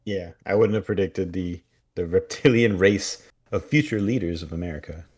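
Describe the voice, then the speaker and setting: A man's voice: low voice, normal speed, a little mellow, breathy edge. A man co-hosting a podcast, trading wry jokes in casual recap chat. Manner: wry, jokey asides. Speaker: podcast co-host.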